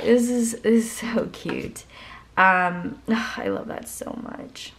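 A woman's voice: medium pitch, a little slow, gravelly. A young woman vlogging a haul in a casual, gushing way, her voice worn out. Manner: gushing, excitable, lots of "like" and "obsessed".

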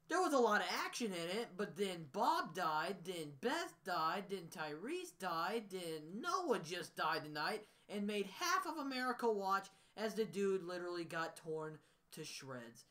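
A man's voice: fairly high pitch, a bit bright. A man vlogging a casual rant to the camera. He sounds upset and emotional, and he rambles with frequent restarts.

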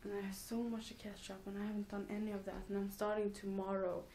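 A woman's voice: mid-range voice, flat delivery, quick pace, dark tone, a little hiss or hum. A teenage girl rambling casually in a home vlog, giggling and mocking herself between thoughts. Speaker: vlogger.

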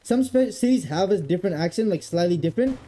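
A man's voice: high voice, lively intonation, fast talker, a loud crowd. A man with a Canadian accent chatting casually while streaming a game, rambling and breaking into laughter. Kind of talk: casual gaming chat.

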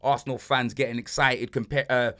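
A man hosting a casual banter podcast, slangy and animated, swinging between loud and soft. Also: medium pitch, fairly quick. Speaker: podcast host.

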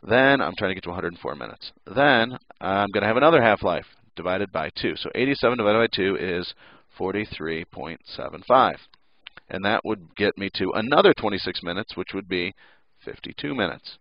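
Joking low-voiced male teacher, gravelly. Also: animated, a little fast, lo-fi sound. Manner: jokey, playful sound effects. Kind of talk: casual recorded classroom lesson.

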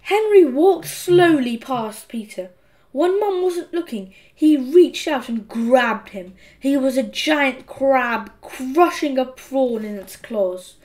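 A woman narrating a children's audiobook in an expressive, playful storytelling way. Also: high voice, takes it slowly.

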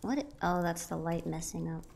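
A woman's voice: lowish voice, a little fast, vocal fry, darkish tone. A young woman giving casual, playful commentary while playing a video game, chatting to the objects she finds. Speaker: let's play gamer.

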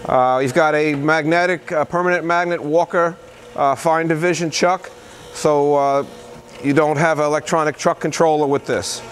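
A man working as a used machinery dealer walks through a machine in an unscripted product demo. He talks in a plain, halting way, pausing with lots of fillers as he goes. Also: on the high side, fairly even intonation, a little hiss or hum. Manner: plain-spoken, halting, pauses with many fillers. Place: indoor machinery shop floor.

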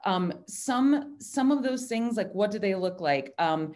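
A woman talking casually about leadership on a video call, chatty and animated, quoting herself in lively asides. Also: mid-range voice, unhurried. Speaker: design director speaking at a virtual happy hour.

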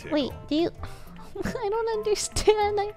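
Excitable high-voiced woman gamer. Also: takes it slowly, faint music behind. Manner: excitable, chatty, thinking aloud. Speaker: streamer playing an online strategy game with friends. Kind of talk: casual gaming chat.

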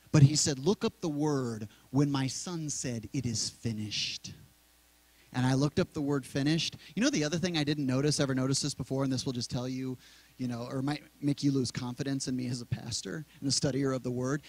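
A middle-aged male pastor preaching in a church sanctuary, talking conversationally and slowly repeating key words. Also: mid-range voice, no echo, low-quality recording. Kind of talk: sermon.

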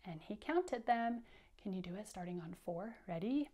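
Slow, patient woman teacher reading aloud. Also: mid-range voice, lively intonation, dark tone, a little hiss or hum. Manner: patient, encouraging, counting along with children. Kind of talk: interactive children's read-aloud.

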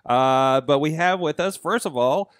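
Joking podcast host. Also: male voice, fairly high pitch, measured pace, smooth, dry recording, clean studio sound. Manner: loose and joking, many uh fillers. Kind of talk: casual tech podcast chat. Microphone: studio mic.

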